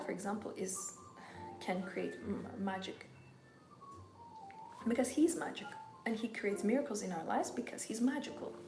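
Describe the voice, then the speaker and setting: A woman's voice: medium pitch, echoey room. A woman giving a motivational livestream talk as a femininity coach, emphatic and full of repeated rhetorical questions.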